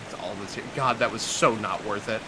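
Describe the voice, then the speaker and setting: A man's voice: fairly low pitch, fairly quick, background noise. A man streaming a game live, joking, swearing and muttering to himself as he plays. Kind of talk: live gameplay commentary.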